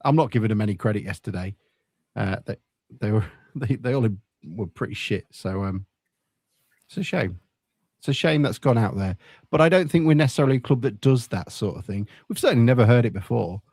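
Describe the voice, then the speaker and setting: A man hosting a casual football podcast, talking in a relaxed, sweary, joking way. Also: fairly low pitch, a little fast, breathy edge, no echo. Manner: laid-back, sweary banter. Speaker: podcast host.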